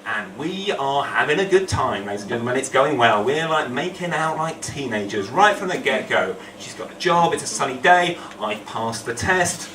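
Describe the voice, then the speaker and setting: A man's voice: mid-range voice, animated, moderate pace, few pauses, a bit bright. A man telling a true story on stage at a storytelling night, rambling and self-deprecating with humour. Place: event hall. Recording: echoey hall, distant mic, noisy.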